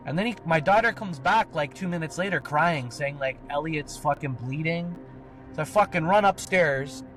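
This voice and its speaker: A man's voice: a little high, normal speed, fairly bright tone, soft background music. A man telling a personal story on a podcast, rambling and swearing, with lots of filler words. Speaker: podcast co-host. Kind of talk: casual storytelling.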